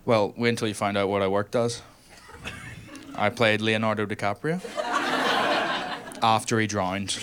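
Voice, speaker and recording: A man's voice: on the low side, flat delivery, a little slow, pauses often, background noise. A man with a Northern Irish accent doing a stand-up comedy set, punchy and teasing the audience. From Northern Ireland.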